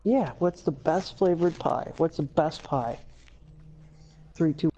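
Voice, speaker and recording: A woman co-hosts a casual podcast chat, teasing and incredulous as she rattles off lists. Her tone is dark and mellow. Her audio comes through dull and lo-fi. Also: low voice, slow pace, slight background noise.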